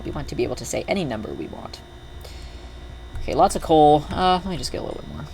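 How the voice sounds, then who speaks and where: A young man chats casually while streaming a video game, rambling with plenty of fillers, restarts and self-interruptions. His voice is on the high side, sing-song, a bit creaky and slightly mellow; he talks fast but leaves long pauses. Soft music plays in the background.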